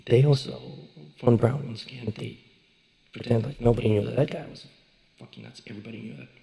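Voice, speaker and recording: Gravelly, husky man ranting sarcastically. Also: mid-range voice, warm tone, rough recording. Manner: swearing, sarcastic, exasperated, rambling with restarts. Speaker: online show reviewer. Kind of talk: casual ranting review.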